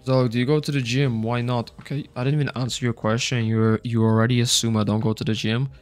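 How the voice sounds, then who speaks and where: Brief: young male streamer, jumpy and loud, chatting with viewers over a bed of faint music. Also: medium pitch, fast talker. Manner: excitable, swears a lot, reads chat aloud. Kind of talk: gaming livestream commentary.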